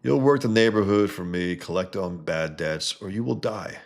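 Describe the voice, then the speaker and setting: A man's voice: sits low, moderate pace, vocal fry. A man voicing a threatening adult male mob enforcer from a comic, reading his lines in a raised voice. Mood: menacing.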